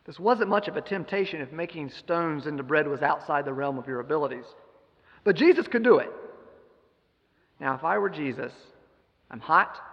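Gravelly-voiced preacher in a reverberant church. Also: male voice, fairly high pitch, highs cut off. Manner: storytelling, rhetorical questions, emphatic. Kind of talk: sermon.

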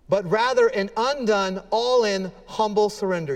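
A man's voice: sits high, moderate pace, hardly any pauses, in a large hall. A man preaching a sermon as pastor, earnest and emphatic, acting out scripture dialogue with feeling.

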